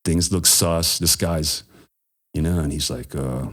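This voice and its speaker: A man's voice: extremely low pitch, measured pace. A middle-aged man telling a story as a podcast guest, laid-back and profane, calling people "bro.". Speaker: podcast guest, cannabis grower. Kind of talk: casual storytelling.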